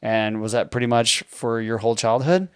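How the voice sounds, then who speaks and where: A man in his thirties from near Houston hosting a podcast interview, chatty and quick to laugh as he tells stories. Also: mid-range voice, clear, resonant tone, dry recording, clean studio sound. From near Houston, Texas. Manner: chatty, storytelling, laughs easily. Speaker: podcast host. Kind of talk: casual conversational interview.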